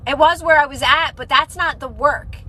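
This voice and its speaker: A woman's voice: high voice, moderate pace, pushed and bright, slight background noise, poor audio. A young adult woman chatting on a phone live stream about manifestation, rambling and restarting sentences, earnest and encouraging. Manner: rambling, restarts sentences often, many "like" fillers. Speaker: manifestation content creator. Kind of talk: casual live-stream chat answering viewers.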